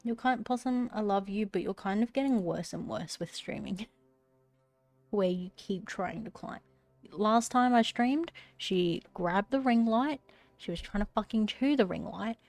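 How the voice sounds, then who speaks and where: A woman's voice: medium pitch, a little slow, darkish tone, no room sound, faint music behind. A woman live-streaming while she crochets, chatting casually, swearing at her cat and often dropping to a whisper, a little phlegmy.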